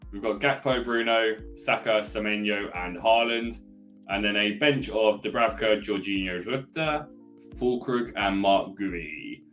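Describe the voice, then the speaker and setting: A man co-hosting a casual fantasy football podcast, calmly laying out his options one by one with a dry sense of humour. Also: fairly low pitch, measured pace, faint music behind. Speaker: podcast co-host.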